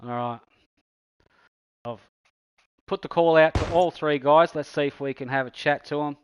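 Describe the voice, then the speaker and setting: A man's voice: a little high, normal speed, a little hiss or hum, rough recording. A man hosting an online racing league, chatting casually and matily with drivers after a race, with lots of fillers. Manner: chatty, matey, many fillers. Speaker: esports league host. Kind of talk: casual post-race commentary and chat.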